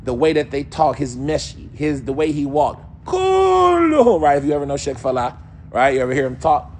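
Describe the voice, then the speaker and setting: Male religious teacher, conversational and animated, playful mimicry, light ambient noise. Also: medium pitch, a little fast. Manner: casual, animated, mimics accents and voices. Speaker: Islamic teacher. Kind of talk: religious lesson.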